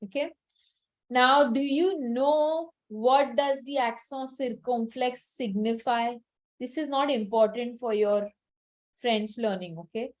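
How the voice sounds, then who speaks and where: A woman's voice: fairly high pitch, takes it slowly, rough recording. A woman teaching a French class online over a video call, patiently repeating each word for her students to drill.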